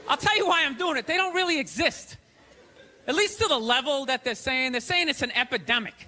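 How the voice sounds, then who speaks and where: High-voiced ranting stand-up comic. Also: male voice, expressive, fairly quick. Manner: loud, ranting, mocking delivery with shouted bursts. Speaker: stand-up comedian. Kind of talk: stand-up comedy set. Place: theater stage with live audience. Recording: live show with crowd noise.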